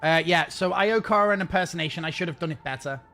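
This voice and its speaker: A man's voice: a little high, fast, pushed and bright. A man streaming a game and chatting casually with his viewers in a rambling, self-mocking way.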